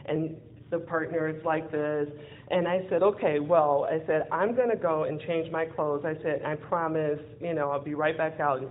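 A woman speaker at a live event, telling a personal story in an animated way, acting out the dialogue and laughing often. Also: low voice, normal speed. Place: event venue in front of an audience. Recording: tinny phone-like lo-fi audio with faint hiss.

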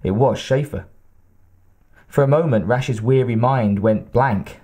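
A man reads an audiobook aloud in a measured, steady manner. His pitch sits in the middle range, and the speech is scripted narration.

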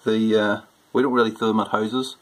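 A man with a Northern Irish accent chatting casually through an accent challenge on his vlog, self-deprecating and loud on stressed words. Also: fairly low pitch, little pitch movement, a little fast, low-quality recording. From Northern Ireland. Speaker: homebrewing YouTuber.

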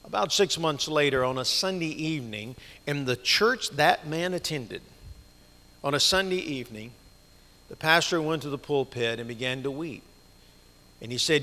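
A man's voice: a little high, lively intonation, measured pace, sharp tone. A man preaching a sermon as a guest speaker, telling stories earnestly and asking the congregation rhetorical questions. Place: church sanctuary. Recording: long church reverb.

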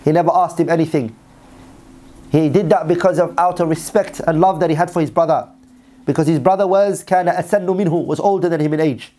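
Fast-talking male Islamic teacher. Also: on the high side, mellow. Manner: reads Arabic text then translates, repeating lines. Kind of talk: sermon storytelling.

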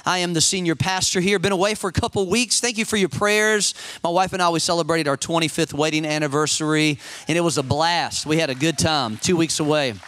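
A man in his forties preaching a sermon. He has a high, bright voice and tells a story with animation, stumbling over repeated words. The sound is dry and close. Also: brisk, few pauses, no echo. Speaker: pastor.

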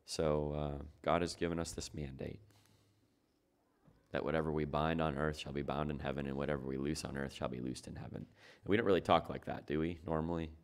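Male pastor, sermon, extremely low voice, conversational, rhetorical questions. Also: fairly even intonation, a little fast.

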